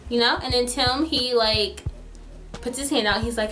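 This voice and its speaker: A woman's voice: on the high side, moderate pace, pushed and bright, faint music behind. A young woman telling a casual storytime to her viewers, chatty and dramatic, with lots of "like" in her speech. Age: young adult. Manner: chatty, dramatic, heavy use of "like".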